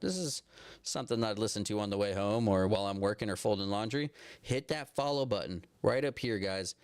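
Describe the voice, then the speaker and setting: A man's voice: fairly low pitch, smooth, no echo. A man hosting a casual livestream from his phone, ranting about politics in a rambling way with lots of restarts and frequent swearing. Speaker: live stream host.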